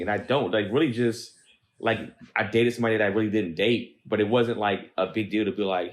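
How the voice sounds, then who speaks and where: Lowish-voiced young guy on a podcast, rambly, laughs at himself. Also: quick pace. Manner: rambling, self-deprecating storyteller. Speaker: podcast host. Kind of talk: casual podcast chat.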